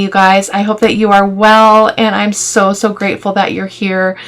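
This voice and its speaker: A woman's voice: mid-range voice, steady tone, moderate pace, few pauses, a bit bright. A middle-aged woman hosting a casual craft tutorial, chatty and affectionate, thinking aloud with fillers as she works. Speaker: craft video host.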